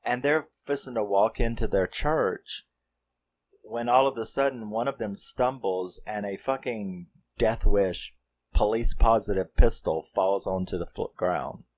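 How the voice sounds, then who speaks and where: A man's voice: lowish voice, measured pace, darkish tone. A man casually retelling a horror comedy's plot, rambling and swearing as he acts out the characters' lines. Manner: rambling, profane, acts out quotes. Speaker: movie reviewer.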